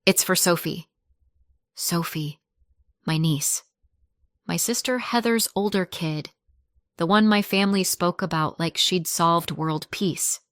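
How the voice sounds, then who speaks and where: Slow, low-voiced woman telling a story. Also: fairly bright tone, no echo, studio quality. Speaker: narrator. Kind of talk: scripted first-person story narration.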